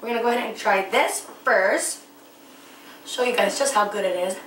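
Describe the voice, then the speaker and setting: A woman's voice: medium pitch, normal speed, fairly bright tone, a little hiss or hum. A woman hosting a home cooking show, talking casually and enthusiastically as she tastes her dishes. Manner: enthusiastic, tasting food as she talks. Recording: echoey kitchen, mic at a distance.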